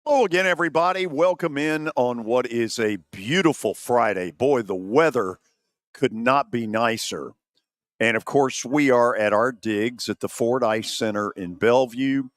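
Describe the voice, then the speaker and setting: An older man with a Southern accent hosting a sports talk radio show, telling folksy stories with animated quotes. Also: mid-range voice, normal speed, dry recording, clean studio sound. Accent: Southern American. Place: studio at an ice center venue. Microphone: studio microphone.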